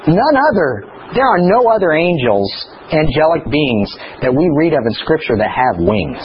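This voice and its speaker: A man teaching scripture in a chatty, animated way, telling stories between points. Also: a little high, normal speed, lo-fi sound, slight background noise. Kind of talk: bible teaching.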